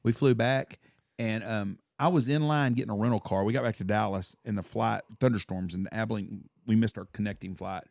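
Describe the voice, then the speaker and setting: A man's voice: fairly low pitch, fairly even intonation, vocal fry, darkish tone, dry recording, clean studio sound. A man hosting a podcast, telling brash, profane stories in casual chat. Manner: brash, profane, fast storytelling. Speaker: podcast host.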